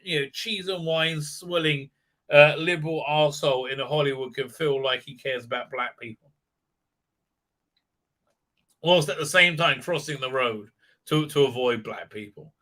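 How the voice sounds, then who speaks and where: A man's voice: fairly high pitch, moderate pace, bright, forceful tone. A man ranting sarcastically in a show review, swearing often and full of fillers and restarts. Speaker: commentator.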